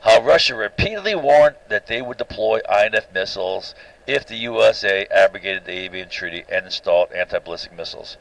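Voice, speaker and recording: A man's voice: fairly low pitch, vocal fry, dry recording, low-quality recording. Opinionated man lecturing over slides. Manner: opinionated, repeats "right?" and restarts often.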